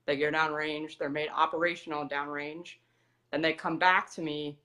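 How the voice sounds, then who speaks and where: A woman's voice: low-pitched, level tone, normal speed, pushed and bright. A young woman with an American accent, a dog trainer talking as an interview guest in a matter-of-fact, explanatory way. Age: young adult. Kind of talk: casual interview talk.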